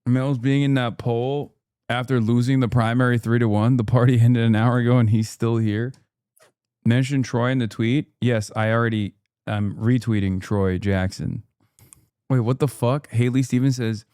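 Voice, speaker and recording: A man's voice: medium pitch, steady tone, moderate pace, mellow, clear, resonant tone, no room sound, clean studio sound. A man streaming political commentary, ranting with profane, incredulous reactions.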